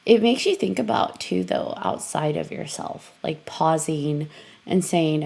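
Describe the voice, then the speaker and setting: Reflective woman host with a very low voice. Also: animated, gravelly, a little mellow. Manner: reflective, heavy use of "like", quick interjections. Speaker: podcast host. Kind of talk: casual podcast conversation.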